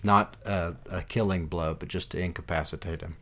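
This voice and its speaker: A man playing a tabletop game, relaxed and joking as he checks the rules. His voice sits very deep and low. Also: moderate pace. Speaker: player. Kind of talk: casual tabletop game play.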